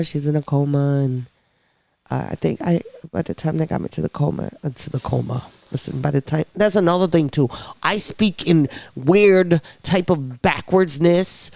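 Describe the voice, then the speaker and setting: Gravelly woman telling her story. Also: extremely low pitch, no echo. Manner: lively, acts out quoted voices. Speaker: podcast guest sharing her story. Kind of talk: casual personal storytelling.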